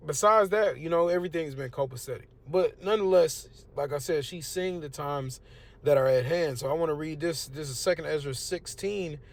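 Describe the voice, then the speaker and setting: A man's voice: fairly high pitch, brisk. Emphatic young man preaching casually. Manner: conversational, emphatic, lots of "you know what I'm saying". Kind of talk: casual street-preaching talk.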